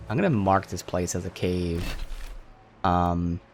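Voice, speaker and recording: Low-voiced Philly man narrating gameplay. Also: a little slow, a little mellow, soft background music. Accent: Philadelphia. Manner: chatty, offhand, swears casually. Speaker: gameplay commentator. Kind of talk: casual let's-play commentary.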